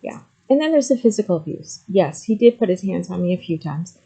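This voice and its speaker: A woman's voice: lowish voice, animated, fairly quick, mellow, breathy edge, rough recording. A middle-aged woman talking candidly to the camera, with frequent ums, moving between hesitant and emphatic speech. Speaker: vlogger sharing personal story. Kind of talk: candid personal talk to camera.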